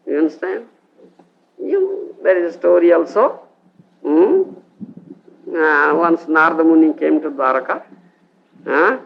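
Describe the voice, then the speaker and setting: Odia-accented man, devotional lecturer, gravelly edge, dull lo-fi 1980s tape. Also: on the high side, animated, unhurried, long pauses, a little hiss or hum. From India. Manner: frequent checks with the audience, acts out quoted voices. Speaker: spiritual teacher. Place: lecture hall in India.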